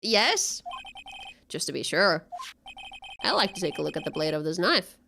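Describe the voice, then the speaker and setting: A Finnish-speaking woman voicing a mild, hesitant elderly male judge in a video game, in a slightly lowered voice. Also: sing-song, normal speed, creaky, background noise. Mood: curious.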